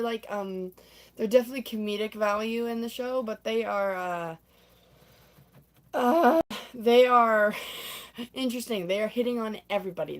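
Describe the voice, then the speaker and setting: A young woman on a livestream casually retelling a stage musical she performed in, talking in a rambling way full of "like" and "um", sometimes laughing and putting on squeaky voices for characters. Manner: chatty, full of "like" and "um", laughs often, acts out lines in squeaky voices.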